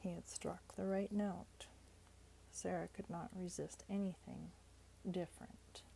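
A woman narrating an audiobook in a steady, measured reading voice. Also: on the low side, creaky, slight background noise, poor audio.

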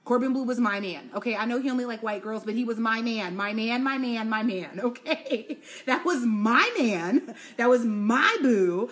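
A young adult woman hosting a casual solo podcast, gossiping in an animated way, laughing often and calling her listeners y'all, sis and honey. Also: on the high side, moderate pace. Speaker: podcast host.

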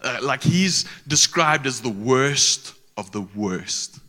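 Guy preaching casual and slangy, sharp bright voice, big echoey hall. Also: mid-range voice, lively intonation, takes it slowly. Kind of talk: sermon.

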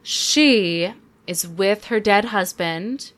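A young woman hosting a podcast, chatting casually and sarcastically about a movie with quick asides. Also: mid-range voice, fairly bright tone. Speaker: podcast host. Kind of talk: casual chat, movie review.

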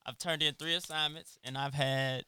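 A man's voice: a little high, steady tone, moderate pace, pushed and bright, a little hiss or hum. A man co-hosting a podcast in casual chat, defending himself with stammered repeats. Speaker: podcast co-host.

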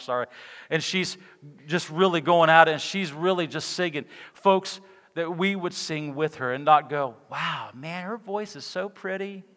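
A male pastor preaching a sermon with passion, swinging between loud exclamations and hushed, quiet lines. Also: fairly high pitch. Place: church sanctuary. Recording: long reverb of a church hall.

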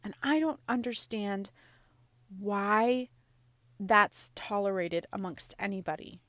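A woman's voice: medium pitch, slow pace, a bit bright, no echo. A woman in her thirties talking casually about emotions and self-care, using lots of "like" and "right?". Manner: conversational, frequent "like" and "right?". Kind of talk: casual self-help talk.

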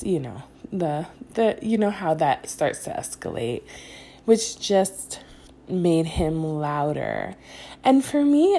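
A woman's voice: on the low side, mellow. A young adult woman, a mother, telling a personal story in a candid, self-critical vlog style that grows agitated. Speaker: mother vlogger.

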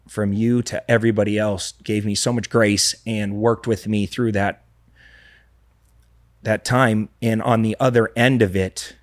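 Podcast guest, male, low-pitched, dry close sound, earnest and confessional, restarts often. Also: no echo. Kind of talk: candid personal storytelling.

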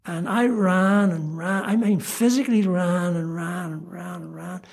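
A man's voice: sits high, fairly even intonation, a little slow, creaky, breathy edge. An older man with a Belfast accent, telling self-mocking anecdotes in a casual chat, with many ums and restarts. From Northern Ireland. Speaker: guest storyteller. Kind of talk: casual storytelling.

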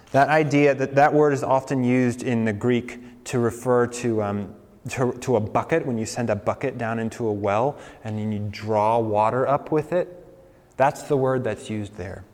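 A male preacher giving a sermon with a lot of energy, now and then lifting his voice high to act out the complaints of doubters. His voice has a middle pitch. It rings out with the long reverb of a large hall. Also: moderate pace. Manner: animated, mimics objectors in raised voice. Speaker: campus preacher.

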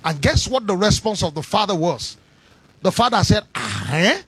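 A man preaching a sermon, shouting in a sing-song cadence and calling on the congregation to respond. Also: high voice, expressive, normal speed, background noise.

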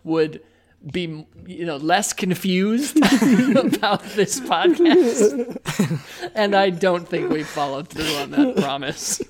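Slow-talking, laughing woman podcast host. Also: mid-range voice, sing-song, crowd noise. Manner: chatty, laughing, self-deprecating. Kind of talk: casual podcast chat.

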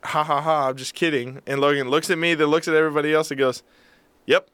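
A young man, a podcast co-host, telling a story in casual chat; animated, acting out quotes and mocking himself. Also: a little high, fast talker, clean tone, no echo.

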